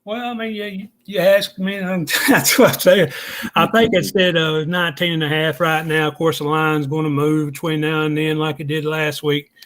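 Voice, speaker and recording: A man's voice: a little high, level tone, normal speed, fairly bright tone. A man, talking casually as a guest and explaining things step by step in a folksy, plainspoken way. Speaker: guest analyst. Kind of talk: casual podcast chat.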